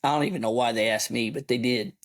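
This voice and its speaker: A middle-aged man, an army veteran telling a story as a podcast guest in an animated, profane way. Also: mid-range voice, fast talker. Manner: animated, profane yarn-spinner. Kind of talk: casual storytelling.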